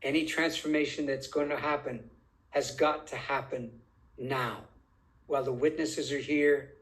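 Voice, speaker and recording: A man's voice: mid-range voice, steady tone, low-quality recording. A man speaking as an interview guest, making his point emphatically and drawing out phrases as he poses rhetorical questions. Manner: deliberate, drawn-out phrasing. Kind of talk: conversational interview.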